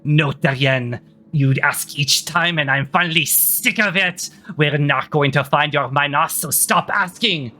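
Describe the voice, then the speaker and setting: A man's voice: a little high, unhurried, bright, forceful tone. A man playing a cruel, taunting queen. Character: scornful female queen ruling minotaur captives.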